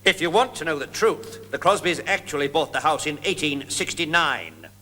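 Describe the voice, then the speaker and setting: An actor playing a flamboyant, self-important middle-aged Victorian novelist in a 1970s TV sketch. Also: male voice, a little high, moderate pace, bright, forceful tone, soft background music. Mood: grand. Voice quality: theatrical, grandiloquent delivery. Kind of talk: 1970s television sketch comedy.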